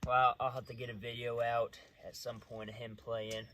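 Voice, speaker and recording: A man's voice: mid-range voice, little pitch movement, moderate pace, pushed and bright, slight background noise. Man training a dog, rambling and firm. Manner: rambling, gives short firm commands to a dog. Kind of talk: casual talk while training a dog. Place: outdoors at night.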